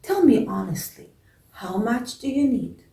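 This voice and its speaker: A woman voicing a humble, pious old miser who speaks softly and gratefully. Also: fairly high pitch, very animated, a little slow, creaky, exaggerated voice. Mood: warm, concerned. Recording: echoey room, voice from a distance.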